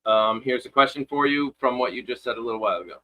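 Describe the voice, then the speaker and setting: A man's voice: mid-range voice, quick pace, pushed and bright, slight background noise. A man co-hosting a live farm stream, chatting casually and reading out viewer questions. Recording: dull lo-fi sound.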